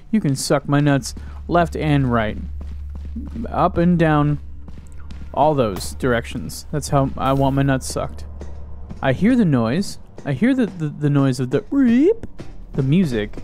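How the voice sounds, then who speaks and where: Young man, solo gaming commentary, crude jokes, slightly high voice, faint game music behind. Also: sing-song, measured pace, darkish tone. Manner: crude joking, talks to himself, yelps when startled. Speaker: gaming YouTuber.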